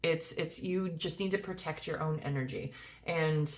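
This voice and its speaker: Woman tarot reader, low-pitched, casual and reassuring, lots of ums and restarts. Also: fairly even intonation, moderate pace. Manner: chatty, many fillers and restarts; reassuring, speaks directly to viewer. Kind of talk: casual pick-a-card reading.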